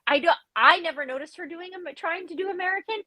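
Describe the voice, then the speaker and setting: A woman's voice: very high-pitched, fast, sharp tone, dry recording. A woman co-hosting a casual film chat, musing aloud with plenty of fillers. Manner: chatty, filler-heavy musing. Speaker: co-host.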